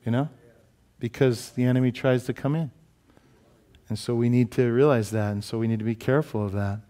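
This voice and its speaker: A male pastor delivering a sermon in a church. He preaches in an animated way, cracks jokes and keeps asking his listeners questions. His voice sits at an ordinary pitch for a man. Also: fairly quick. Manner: animated, joking, many rhetorical questions to the congregation. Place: church sanctuary.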